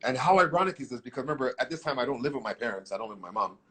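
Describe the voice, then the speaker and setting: Interview guest, male, husky, mid-pitched, streetwise and profane storyteller. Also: expressive, rapid-fire, a bit bright. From Canada. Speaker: guest artist.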